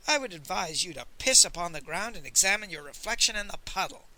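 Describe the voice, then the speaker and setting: A snide grave-robber, as a male reader puts him on, who hisses his sly insults. The voice sits lower than the reader's own, but it keeps a bright, sharp edge. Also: lively intonation, fast talker, exaggerated voice, low-quality recording.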